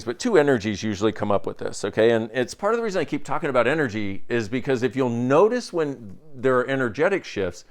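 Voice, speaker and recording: A tired man talks straight to camera in a loose, rambling way, his pitch swinging up and down all the time. He jokes, breaks off and restarts his thoughts, and sounds like a self-help teacher giving a casual update. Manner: rambling, self-interrupting, jokey.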